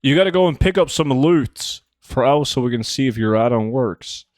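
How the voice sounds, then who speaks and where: A man's voice: mid-range voice, expressive, moderate pace, a little mellow, no room sound, clean studio sound. A man, chatting casually with his viewers as he plays, reading their questions aloud and answering them. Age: 20s. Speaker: streamer. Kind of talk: casual live-stream chat while gaming.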